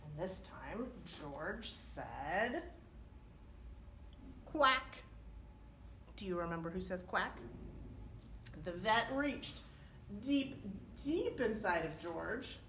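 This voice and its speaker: A woman reading a story aloud to children as a librarian, animated, often pausing to ask them questions. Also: medium pitch, a little hiss or hum.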